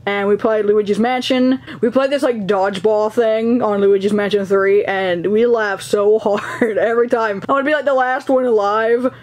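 A young woman vlogger telling stories casually, animated and laughing as she acts out dialogue. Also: mid-range voice, normal speed, hardly any pauses. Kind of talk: casual storytelling.

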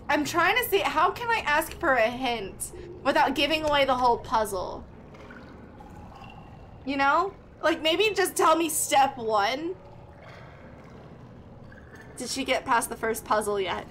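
Young woman game streamer: high, bright, unhurried, rambling chatter to her chat. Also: a little hiss or hum. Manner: chatty, thinks aloud, greets chat loudly. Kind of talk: live gameplay chat with viewers.

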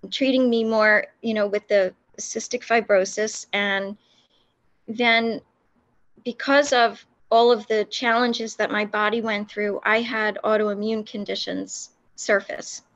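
Woman, earnest testimony, halting speech, frequent restarts, medium pitch, lo-fi sound. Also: fairly even intonation, fairly bright tone. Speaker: guest telling her faith testimony. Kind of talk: personal testimony in an interview.

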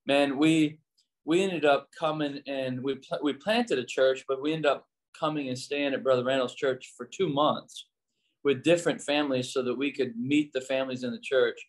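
Medium in pitch and normal in speed, the voice belongs to an American pastor with a missionary past, guesting in a casual interview. He tells stories with animation, raising his voice to act out what people said.

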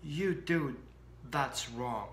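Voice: medium pitch, drawn-out words, a little hiss or hum, voice pushed down. A dog trainer voicing a young puppy that guards a sock it found, indignant and cheeky, in an echoey room.

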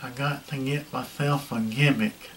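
A bumbling toothbrush salesman with a hare lip spins a rambling comic yarn, as a performer puts him on. His speech is nasal and thick, full of folksy slang and stumbling repeats, at a middling pitch. The voice sits distant from the mic. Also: steady tone, a little slow, a bit bright, slight background noise, close to an everyday voice. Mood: folksy storytelling. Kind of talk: comic storytelling in character.

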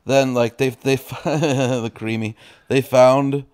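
A man's voice: medium pitch, fairly even intonation, slow pace, a little mellow, clear, resonant tone. A man co-hosting a casual film podcast, joking loosely and swearing as he recaps. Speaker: podcast co-host. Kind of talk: casual movie recap chat.

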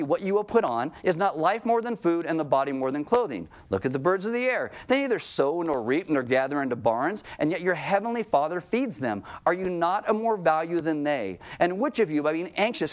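A man preaching a sermon in a church, talking conversationally and acting out quoted voices with animation. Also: fairly high pitch. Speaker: pastor. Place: church sanctuary.

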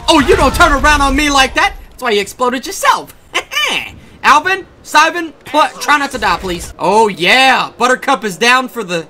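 A man giving excited gameplay commentary, shouting and reacting fast as he plays. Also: very high-pitched, a little hiss or hum. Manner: hyped, shouting at the game, quick reactions. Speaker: gaming YouTuber.

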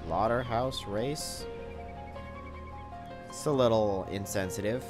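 A man streaming his first playthrough of a video game, chatting casually, reading viewer messages aloud and thinking out loud with plenty of fillers. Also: on the low side, takes it slowly, over music. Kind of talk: casual gameplay commentary.

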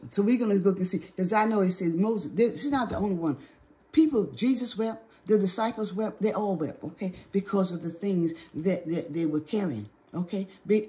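A woman teaching the Bible in an informal sermon, often checking in with "okay?" and slowing down to read scripture aloud. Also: lowish voice, dark tone. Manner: repeats "okay?" often, exhorting; reads scripture aloud in slower measured pace.

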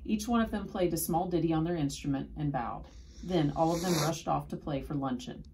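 A woman reading a children's storybook aloud in steady first-person narration. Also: sits low, brisk, vocal fry, background noise.

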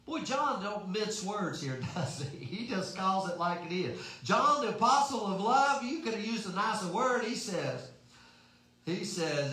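A man's voice: high voice, normal speed, bright, forceful tone. A man preaching a sermon in a folksy, emphatic way, asking rhetorical questions. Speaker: pastor. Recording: very echoey room.

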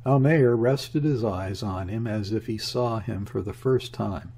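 A man narrating a classic novel as an audiobook, reading in a measured, even way. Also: on the low side, slightly rough.

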